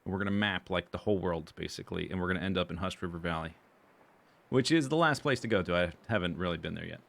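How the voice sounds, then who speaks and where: A man's voice: low voice, fast, vocal fry, a bit bright. A man streaming a survival game, chatting casually and rambling as he goes through his gear and plans. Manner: chatty, rambling, self-correcting. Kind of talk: casual gameplay commentary.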